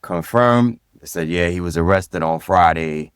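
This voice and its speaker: Easygoing New man, low and dry. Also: unhurried, clear, resonant tone, dry recording. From Brooklyn, New York. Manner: easygoing and direct, animated when recounting dialogue. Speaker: guest, former police sergeant and DJ. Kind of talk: casual storytelling in a podcast interview.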